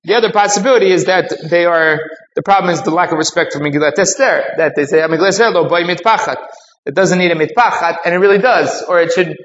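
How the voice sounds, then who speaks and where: A man with a slightly high voice teaches a Talmud class, explaining each point step by step and weaving in Hebrew and Aramaic terms. The audio is dull and roomy, with faint ambient noise behind him. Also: quick pace, a bit bright.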